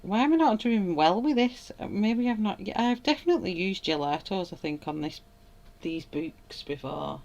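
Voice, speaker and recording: A woman's voice: mid-range voice, animated, normal speed, darkish tone. A woman, chatting casually at home while she colours on a livestream, greeting viewers by name and laughing often. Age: 30s. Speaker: livestream host.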